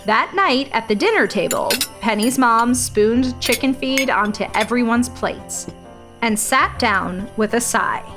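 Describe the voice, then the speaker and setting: A woman hosting a podcast and reading a children's story aloud, gentle and clear. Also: fairly high pitch, animated, measured pace, over music.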